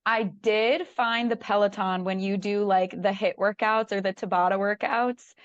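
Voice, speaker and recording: A woman's voice: mid-range voice, steady tone, moderate pace, no room sound. A woman guest telling her own story in casual chat, acting out her thoughts with lots of "like". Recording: dull lo-fi dry sound.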